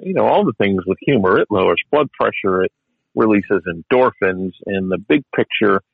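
Wry, chatty man with a low voice. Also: lively intonation, normal speed, gravelly, husky, dry recording, phone-quality sound. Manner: chatty, wry, many restarts and fillers. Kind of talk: casual storytelling chat.

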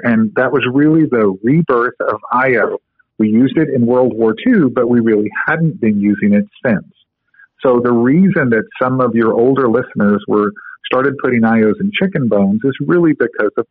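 A man appearing as a podcast guest explains a medical technique casually, leaning on lots of fillers. His voice sits at medium pitch with a breathy edge. The audio is tinny and phone-like, dry with no room sound.

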